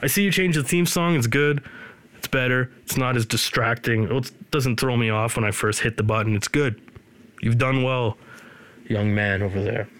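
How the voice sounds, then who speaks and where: A man's voice: medium pitch, normal speed, a bit bright, no echo. A man in his thirties or older hosting a podcast, rambling casually with sarcastic, joking asides. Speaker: podcast host. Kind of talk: casual chat.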